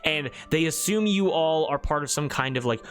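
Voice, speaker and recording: A man's voice: fairly high pitch, normal speed, fairly bright tone. Man narrating as game master, rambling. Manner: loose, rambling, many fillers.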